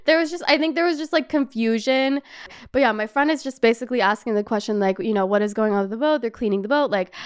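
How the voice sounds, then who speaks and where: A young woman with a high, smooth voice tells a story on her podcast in a casual chat. She talks in an animated way, swears freely and laughs often, with "like" in almost every sentence. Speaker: podcast host.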